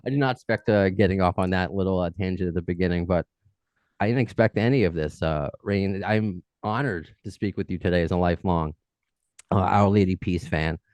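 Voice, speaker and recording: A man's voice: deep voice, brisk, darkish tone, no room sound. A man with a New York accent hosting a podcast, chatty and rambling in a casual interview. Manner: chatty, rambling, self-deprecating. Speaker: podcast host.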